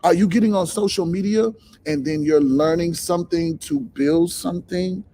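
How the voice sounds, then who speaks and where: A man's voice: sits high, moderate pace, dark tone, a little hiss or hum. A man hosting a live stream, talking bluntly and profanely, firing rhetorical questions. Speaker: livestream host. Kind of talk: blunt motivational live talk.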